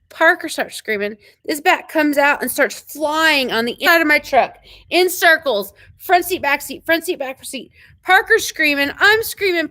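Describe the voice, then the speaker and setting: Woman, ranch live-stream host, animated storyteller, bright tense voice, dry close sound. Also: high voice, no room sound. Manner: animated, quick retelling with acted-out quotes.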